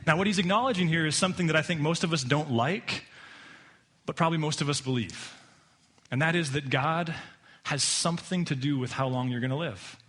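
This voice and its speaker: A man's voice: fairly high pitch, a little fast, a bit bright. Casual joking male pastor preaching. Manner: casual and joking, with many restarts and "like". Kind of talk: conversational sermon. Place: church sanctuary.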